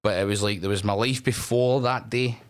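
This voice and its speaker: A man's voice: on the low side, steady tone, brisk, clear, resonant tone. A middle-aged man with a Scottish accent, the guest on a podcast, telling stories in casual chat, swearing freely and laughing often. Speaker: wrestling promotion owner, guest.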